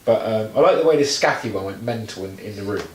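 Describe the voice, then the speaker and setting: A man co-hosting a casual chat, rambling through films with lots of fillers and restarts, turning animated when he mocks something. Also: lowish voice, fast, roomy sound, recorded from a distance, slight background noise, poor audio. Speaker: podcast co-host.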